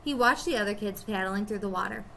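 A woman teacher reading a children's chapter book aloud to her students, expressive and storytelling. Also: mid-range voice, fast, vocal fry, a little hiss or hum.

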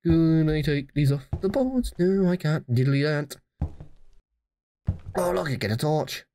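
A man giving dry, deadpan let's play commentary while playing a horror game. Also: fairly high pitch, a little slow, a little hiss or hum.

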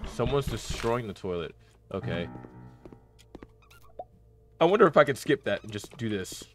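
Excitable man narrating a horror game. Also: medium pitch, normal speed, over music. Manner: excitable, talks to himself and yells in panic. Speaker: gaming channel host. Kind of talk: casual horror game commentary.

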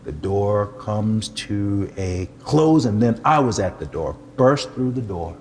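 An older man, a pastor, telling a personal testimony in an animated, humorous way and poking fun at himself. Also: on the low side, slow, a little hiss or hum. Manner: animated, humorous, self-deprecating storyteller.

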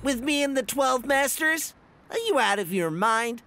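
A sneering cartoon bully. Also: female voice, sits high, lively intonation, a little slow, music in the background. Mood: mocking. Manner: sneering, mocking laughs. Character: arrogant bully racer, scornful and boastful. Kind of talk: cartoon dub.

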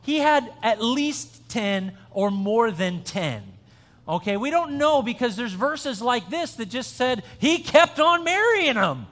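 A man with a high voice preaches a conversational sermon in a church sanctuary. He talks in a chatty, joking way and often restarts his sentences. A long hall reverb trails each phrase. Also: expressive, slow pace. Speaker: pastor. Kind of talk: conversational sermon with an interactive quiz.

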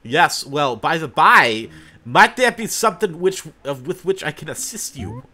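A man's voice: fairly high pitch, lively intonation, a little slow, pushed and bright, pitched above the performer's own voice, heavily acted. A man putting on a fussy, hooting old owl curator. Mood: prim. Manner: over-formal, apologetic, hooting. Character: prim, fussy old male museum owl, sleepy and polite.

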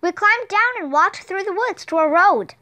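A woman's voice: very high-pitched, lively intonation, normal speed, pushed and bright, pitched above the performer's own voice, full character voice. A woman reading aloud and voicing a cheerful young boy sorcerer in a storybook, who speaks in a formal, old-fashioned way.

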